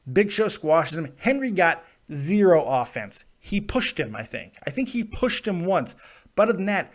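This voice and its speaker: A man hosting a live wrestling review show, ranting with lots of swearing and laughs, and he is coming down with a cold. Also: high-pitched. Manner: ranting, profane, laughs often. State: getting sick, plugged ears. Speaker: podcast host.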